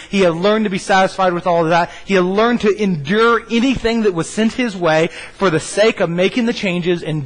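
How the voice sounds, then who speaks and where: A pastor preaching a sermon, repeating a scripture line slowly and emphatically, with frequent restarts. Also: male voice, sits high, long reverb tail, poor audio. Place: church stage.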